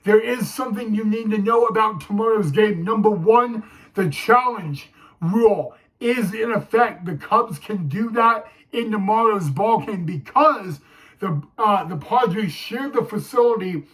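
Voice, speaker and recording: High-pitched guy doing a slow, teary fan vlog, keeps saying guys. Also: expressive, fairly bright tone, low-quality recording. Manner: emotional, repeats "guys" often. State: teary, choked up. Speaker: sports fan vlogger.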